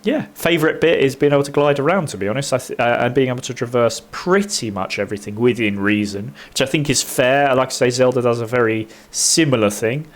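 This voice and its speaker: A man's voice: mid-range voice, fairly quick, few pauses. A man casually commenting on his gameplay in a chatty, self-mocking way, with lots of fillers and bits of humming. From United Kingdom. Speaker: gaming streamer.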